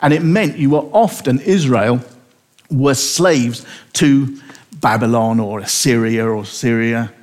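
A man teaching from the Bible in an unscripted, animated way, asking rhetorical questions and chuckling at the stories. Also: medium pitch, slow.

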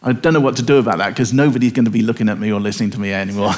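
A man teaching from the Bible in an unscripted, animated way, asking rhetorical questions and chuckling at the stories. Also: medium pitch, fast talker.

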